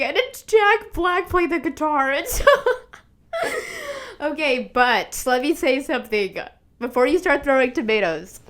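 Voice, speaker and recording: Young woman, slightly high voice, casual solo podcast, swearing, emotional, laughing close to tears. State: sick, tearful. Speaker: podcast host. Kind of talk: casual monologue.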